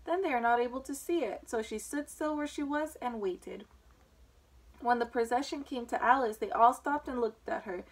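A woman with a fairly high voice reads a children's storybook aloud at a normal pace. She sounds relaxed and informal, letting out the occasional um while pointing out the pictures, and the recording is rough.

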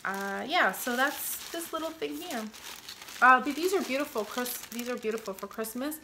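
A woman's voice: high-pitched, lively intonation, moderate pace, bright, forceful tone, a little hiss or hum. A middle-aged woman chatting to viewers as she shows off a store haul, rambling and gushing over cute finds. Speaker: vlogger showing a store haul. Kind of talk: casual chat to viewers.

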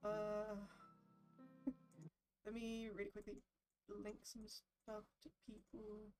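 A woman streaming a video game, chatting casually, gushing excitedly and swearing now and then. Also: mid-range voice, takes it slowly. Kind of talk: casual gameplay stream chat. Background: game music.

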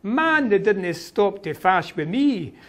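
Guy doing a cocky highland clansman, scottish lilt, pitched up above his own voice, chuckling along as he tells it. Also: big pitch swings, takes it slowly, a bit bright, full character voice. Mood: boastful. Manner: lilting, amused storytelling. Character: wry boastful Highland clansman, grown man.

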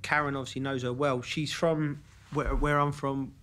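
A man's voice: mid-range voice, moderate pace. A man with a London accent, a former footballer co-hosting a podcast, telling stories in casual chat and acting out the voices of the people he quotes. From England. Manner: animated, acts out quoted voices.

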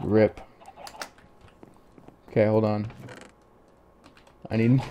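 A man's voice: mid-range voice, animated, slow pace, pauses often, mellow, a little hiss or hum. A man doing let's play commentary of a game, exasperated and pleading, with jokey asides. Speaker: gaming youtuber.

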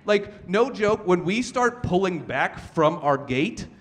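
A young man performing a stand-up comedy set on a club stage, telling stories with animated shouted bits. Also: high voice, slow. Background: audience laughter.

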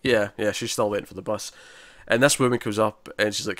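A man co-hosting a podcast gives a chatty, wandering recap of a drama episode, acting out quotes in a casual TV-review style. His voice is on the low side with fairly even intonation, a fairly bright tone, and a fairly quick pace, recorded with no echo.

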